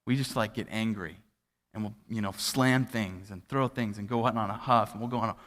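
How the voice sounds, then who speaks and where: A man with a fairly low voice preaches in a church auditorium, and his words ring out with a long reverb through the hall. He tells a family story casually, full of fillers and restarts, and drops almost to a whisper at the tender parts. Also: fairly quick, a bit bright. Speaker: pastor. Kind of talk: sermon.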